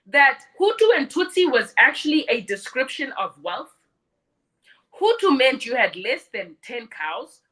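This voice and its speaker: A woman in her thirties talking straight to her live stream audience, blunt and scornful, often mocking people in silly voices. Her voice sits high and swings widely in pitch, with a bright, sharp edge. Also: rough recording. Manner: blunt and mocking, mimics others. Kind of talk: opinionated live stream monologue.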